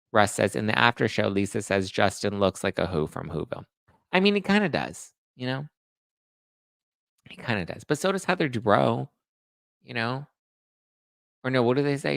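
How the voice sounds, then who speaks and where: A man hosting a pop culture live stream, chatting casually with his viewers and tossing out sarcastic asides. His voice sits fairly low with a gravelly, fry-heavy edge. The sound is dry and close. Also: a bit bright, no room sound. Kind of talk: casual live-chat commentary.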